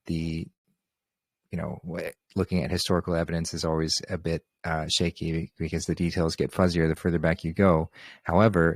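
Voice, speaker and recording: This man's low voice comes through with studio quality and no room sound. He leads an open question session on a group call, chatting about spiritual matters in a relaxed, meandering way full of filler words.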